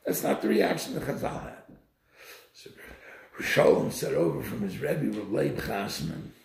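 A man giving a Torah lecture, telling stories in an animated, emphatic way, recorded in an echoey room. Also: medium pitch, unhurried, creaky. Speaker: Torah teacher.

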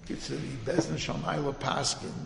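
A man telling a religious tale to a gathering in a lively, conversational way, acting out the voices of the people in his story. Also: mid-range voice, normal speed, creaky, a little hiss or hum. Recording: roomy hall with long reverb.

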